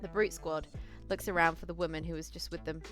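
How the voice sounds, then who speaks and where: A woman's voice: fairly low pitch, fairly even intonation, a little fast, fairly bright tone, faint music behind. A woman narrating a solo tabletop role-playing game in a casual second-person style, correcting herself as she goes.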